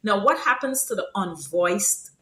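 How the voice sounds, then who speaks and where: A Guyanese woman explains pronunciation rules at an unhurried pace, her pitch rising and falling a lot as she demonstrates. The room gives her voice a noticeable echo. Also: noisy background. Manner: slow and explanatory, bursts into lively high-pitched Creolese example voices. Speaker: language teacher. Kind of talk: casual language lesson.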